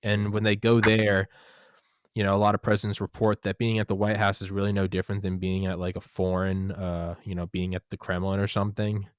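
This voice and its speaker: A man's voice: sits low, brisk, clear, resonant tone, no room sound. A man hosting a casual interview chat, telling stories and acting out quotes with a raised voice, swearing casually. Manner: animated, acts out quotes in a raised voice. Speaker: podcast host.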